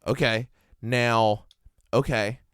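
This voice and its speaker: A man's voice: medium pitch, steady tone, slow pace, a bit bright, clean tone, no echo, clean studio sound. A young man co-hosting a podcast, chatting casually, riffing on jokes and slipping into put-on character voices. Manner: jokey, riffs in put-on character voices, swears freely. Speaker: podcast co-host. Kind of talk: casual comedic chat.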